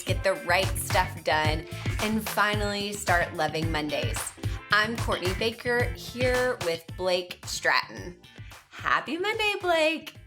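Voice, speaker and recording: Upbeat woman hosting a podcast. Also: medium pitch. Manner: upbeat, encouraging. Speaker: podcast host.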